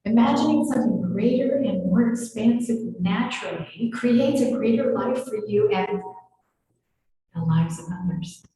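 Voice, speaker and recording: A woman's voice: a little high, expressive, normal speed, mellow. A woman minister giving a conversational sermon, chatty and playful, often laughing and speaking straight to her congregation. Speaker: senior minister. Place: large hall of a spiritual center. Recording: echoey hall with long reverb.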